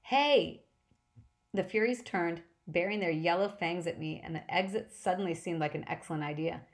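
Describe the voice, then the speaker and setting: Woman reading an audiobook, lowish voice. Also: steady tone, a little fast. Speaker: audiobook narrator. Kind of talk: audiobook narration of a novel.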